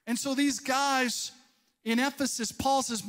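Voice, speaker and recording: A man pastor preaching a sermon in a church, telling a personal story in a conversational way, swelling to emphatic peaks and dropping to a hushed aside. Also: very high voice, fairly even intonation, a little slow. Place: church sanctuary.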